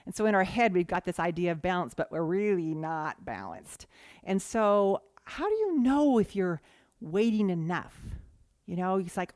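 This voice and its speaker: A woman giving a sermon as a guest speaker, telling stories in an animated way. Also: fairly low pitch, moderate pace, no room sound, clean studio sound. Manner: animated storytelling.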